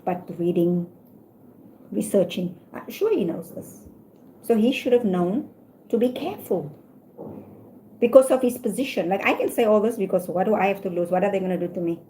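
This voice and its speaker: A woman's voice: medium pitch, warm tone, slight background noise, low-quality recording. Candid woman livestreaming. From South Africa. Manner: candid, emphatic, talks through her reasoning. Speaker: livestream host. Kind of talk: opinionated casual livestream chat. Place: at home.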